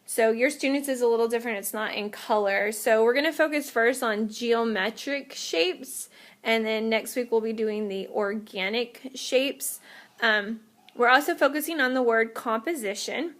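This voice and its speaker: A woman's voice: on the high side, normal speed, a bit bright. A woman teaching an art lesson, explaining step by step while demonstrating on paper and sometimes moving away from the mic.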